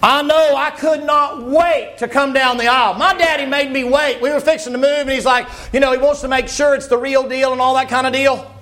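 A male preacher delivers a folksy sermon. His voice sits very high and often climbs into shouts. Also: steady tone, fairly quick, few pauses. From Southern United States.

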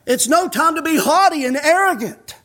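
A male pastor preaching a fiery sermon, emphatic and scolding, rising to shouts. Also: very high voice, animated, normal speed.

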